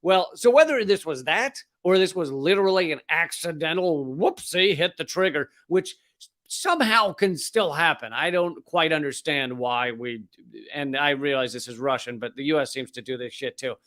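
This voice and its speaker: A sarcastic man hosts a comedic political commentary show. His voice sits high for a man, and he swears freely while slipping into silly put-on voices. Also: animated, moderate pace, fairly bright tone. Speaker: host.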